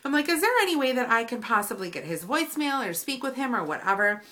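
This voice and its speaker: A woman's voice: fairly high pitch, quick pace. A woman vlogger telling a story in a casual, exasperated rant, acting out both sides of the conversation. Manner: animated, exasperated retelling with quoted dialogue.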